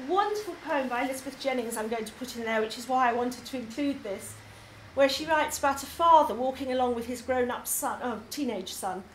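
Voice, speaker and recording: A woman's voice: high voice, a little fast, hardly any pauses. Woman, English, poetry tutor, chatty, lots of ums, echoey room. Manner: enthusiastic, chatty with frequent ums. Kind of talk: course presentation to a group. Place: labour club hall. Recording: echoey hall, faint noise.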